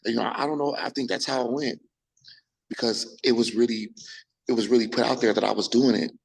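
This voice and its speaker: A young man, a bodybuilder, telling his story in a casual interview, animated and full of restarts, acting out quotes. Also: medium pitch, brisk, rough recording. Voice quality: gravelly, husky. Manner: animated, acts out quotes, frequent restarts and profanity.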